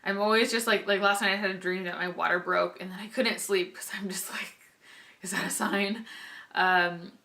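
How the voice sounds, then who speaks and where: Speaking a little fast with hardly any pauses, a young woman with a medium-pitched, sharp voice and fairly even intonation talks casually to camera for her vlog. Heavily pregnant, she rambles chattily, restarting sentences, leaning on "like," and laughing lightly while talking.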